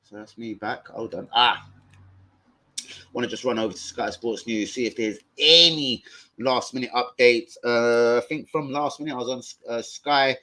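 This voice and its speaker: A young man hosting a casual live stream, full of slang, swearing and excited banter. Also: mid-range voice, normal speed. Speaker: livestream host.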